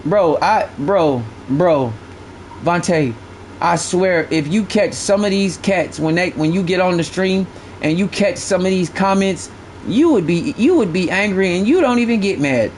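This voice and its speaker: A man talking casually on a live game stream, telling stories to his chat in a profane, animated way. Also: high-pitched, measured pace, slight background noise.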